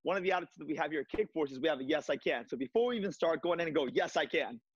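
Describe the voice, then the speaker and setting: A fairly high-voiced man coaching a martial arts workout with upbeat commands. He talks over a video call, so the audio is dry and lo-fi. He often fills with "uh" and "you know". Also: rapid-fire, husky, no room sound. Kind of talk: remote TV interview, leading a workout.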